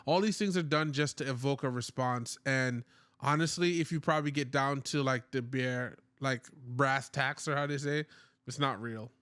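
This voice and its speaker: A man co-hosting a podcast, talking in an animated way, asking questions and restarting his sentences. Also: mid-range voice, moderate pace, smooth, no room sound, studio quality. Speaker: podcast co-host. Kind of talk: casual chat.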